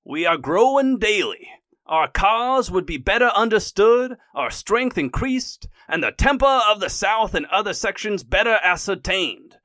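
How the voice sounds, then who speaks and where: A man putting on a pompous Deep South senator. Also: expressive, a little slow, sharp tone, dry recording, full character voice. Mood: defiant, confident. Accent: Deep South US, put on. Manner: declaiming, grandiose.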